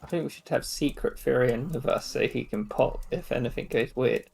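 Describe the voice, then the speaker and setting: A woman's voice: extremely low pitch, normal speed, gravelly, a little mellow, breathy edge. A woman chatting casually as a player at a tabletop game.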